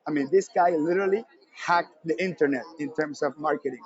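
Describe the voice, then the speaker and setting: A man giving a live conference talk, energetic and repeating his points for emphasis. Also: a little high, a little fast, muffled recording. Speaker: presenter at a conference session. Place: convention center session room.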